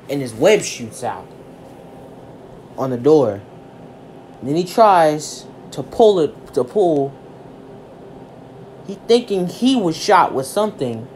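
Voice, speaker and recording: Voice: mid-range voice, a little mellow, a little hiss or hum. Loose, rambling storyteller. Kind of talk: improvised fan story retelling.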